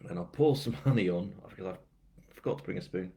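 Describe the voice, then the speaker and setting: Hosting a live stream to launch his crime novel, a British man with a deep, low, warm voice speaks at a quick pace with vocal fry. He chats loosely and rambles, filling gaps with ums and teasing himself.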